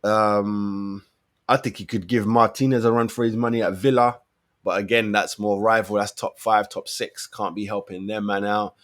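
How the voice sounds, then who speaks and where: A man's voice: fairly low pitch, fairly even intonation, normal speed, no room sound, clean studio sound. A young man, giving a casual football fan commentary full of slang, often repeating himself for emphasis. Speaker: football fan channel host.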